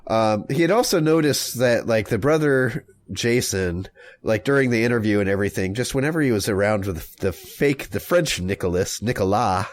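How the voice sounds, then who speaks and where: A man with a fairly low voice tells a true story on a casual comedy podcast. He rambles, trails off and restarts, and jumps into quick silly voices for the people in the story. The delivery is loose and joking. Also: expressive. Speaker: podcast co-host telling the story.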